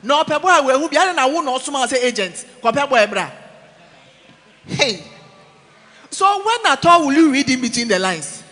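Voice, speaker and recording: A man preaching a sermon in a church, animated, mixing English with Twi, swinging from shouts to low asides. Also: normal speed, pauses often, in a large hall.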